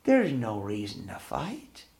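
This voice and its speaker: Soft and coaxing, this is a calm, sweet divine enchantress, as a man puts her on while telling the tale. The voice sits somewhat lower and quieter than his usual talk and moves slowly and gently. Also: vocal fry, exaggerated voice.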